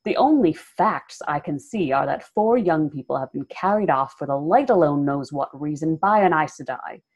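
A woman voicing a proud young village wise woman who answers with sharp, indignant retorts. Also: fairly low pitch, expressive, normal speed, husky.

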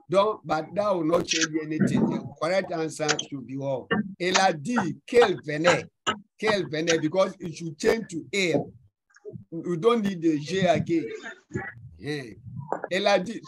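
A man's voice: high-pitched, rough recording. A man with a Ghanaian English accent teaching French, going over an exam in class and repeating words as he explains. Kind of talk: online class review.

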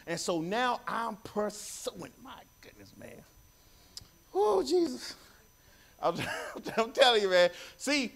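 Man preaching in church, high voice swinging all over, keeps saying watch this. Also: gravelly. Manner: animated call-and-response preaching, repeats phrases. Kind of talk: sermon.

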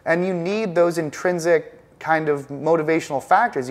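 A man's voice: on the high side, normal speed. A man, a professional trader, talking as the guest in an indoor interview, intense and emphatic, often repeating words as he builds a point. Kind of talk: conversational interview. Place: penthouse apartment, indoors.

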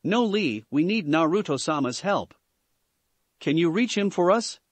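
Guy putting on a stubborn devil princess voice, higher and lively. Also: unhurried, dry recording. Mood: urgent. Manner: insistent, sharp-tongued. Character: young devil heiress, proud and stubborn.

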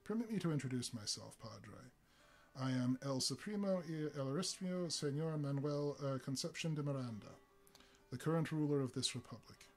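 A man's voice: medium pitch, moderate pace, soft background music, natural voice. An arrogant military strongman in a storybook tale, speaking with dry, sardonic amusement, as a man reading aloud voices him. He is formal and mocking, sure of his own power. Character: lean arrogant male military dictator.

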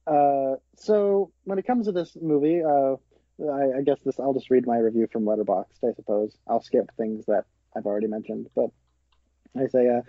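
A man in his twenties chatting casually in a film review podcast, quick to laugh. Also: mid-range voice, dry recording, lo-fi sound. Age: 20s. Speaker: podcast co-host.

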